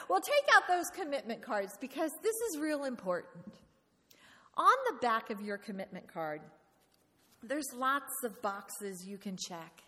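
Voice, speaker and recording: A woman preaching a lively sermon in a church, playful and animated, often asking the congregation questions. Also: a little high, measured pace. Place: church hall. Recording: reverberant hall.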